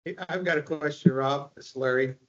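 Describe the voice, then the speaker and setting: A man in a training session asks polite, brief questions. His voice sits a little higher than most men's, and the audio is dull and lo-fi. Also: moderate pace, fairly bright tone.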